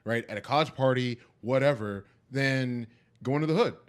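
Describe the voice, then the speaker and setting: A man's voice: mid-range voice, normal speed, clear, resonant tone. A man co-hosting a podcast, arguing his point emphatically in casual chat and checking in with "right?". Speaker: podcast co-host.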